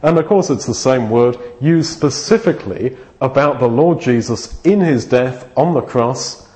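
A man's voice: mid-range voice, lively intonation, a little slow, dark tone. A man preaching a sermon, earnest and thinking aloud, often restarting his phrases.

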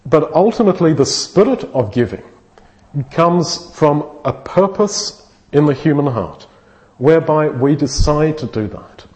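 A man's voice: a little high, expressive, unhurried, darkish tone. Earnest man preaching a sermon. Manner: earnest, thinking aloud with frequent restarts.

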